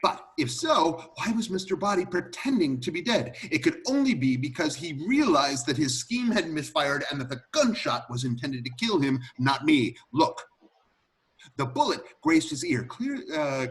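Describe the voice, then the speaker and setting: A man playing a lively, excitable butler. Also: on the high side, moderate pace. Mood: animated. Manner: animated, theatrical explaining. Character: excitable male butler laying out a murder solution. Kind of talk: amateur script read-through.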